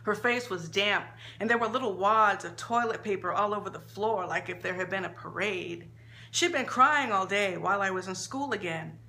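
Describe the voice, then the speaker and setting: A woman author reading her own short story aloud, expressive and slowing down for emphasis. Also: mid-range voice.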